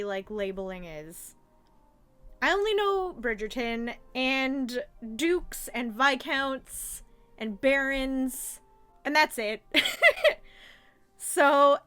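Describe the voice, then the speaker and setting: Young woman host, bright higher voice, rambling fan commentary with lots of "like". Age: young adult. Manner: chatty, gushing, many fillers. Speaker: host reviewing a childhood cartoon. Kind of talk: casual commentary.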